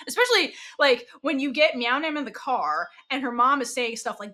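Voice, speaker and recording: Young woman co-host, bright higher voice, chatty, acts out the lines she quotes. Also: fairly quick, few pauses. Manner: animated, acts out quotes, frequent fillers. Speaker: podcast co-host. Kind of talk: casual chat.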